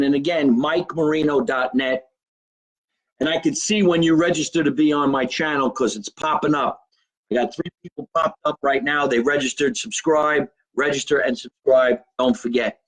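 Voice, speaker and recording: A man's voice: a little high, fairly even intonation, moderate pace, poor audio. A male comedian, hosting his own live show from a home basement, rambling brashly, swearing and greeting viewers by name. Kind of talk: loose livestream chat to viewers.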